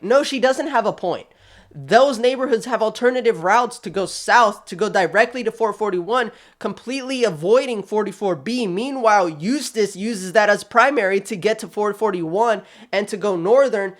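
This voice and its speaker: Sassy, animated man giving commentary. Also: high voice. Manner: animated and sassy, talks straight to people; quick, chatty, restarts often. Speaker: channel host. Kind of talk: casual video commentary.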